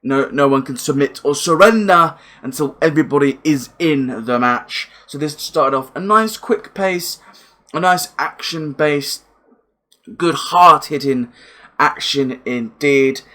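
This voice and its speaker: Speaking at a measured pace in a higher-than-average voice, a young man gives a loose, excitable rundown of a wrestling show, cursing liberally and circling back to the same points.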